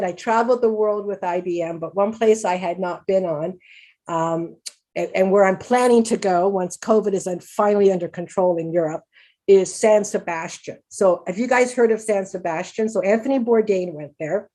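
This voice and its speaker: A middle-aged woman with a dark-toned, mid-range voice gives a conference presentation as a patient advocate. Her talk is upbeat and chatty, and she laughs often and restarts her sentences.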